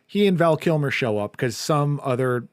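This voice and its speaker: A man's voice: on the high side, expressive, normal speed, no echo. A man co-hosting a podcast, chatting casually about a film and rambling through restarts and fillers. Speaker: podcast co-host. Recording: dry, close-miked basement studio.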